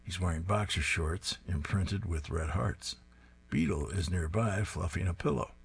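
A man describing comic strips panel by panel and reading them aloud in a steady, descriptive way with dry amusement. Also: low voice, a little slow, creaky, slight background noise. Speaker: comics reader.

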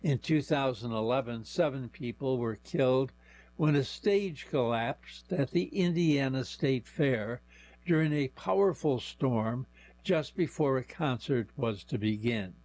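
Radio reader: older man, raspy, unhurried, sometimes trips on names. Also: medium pitch, lively intonation, a little mellow. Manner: unhurried, stumbles over names. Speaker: volunteer newspaper reader. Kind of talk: reading news aloud on radio.

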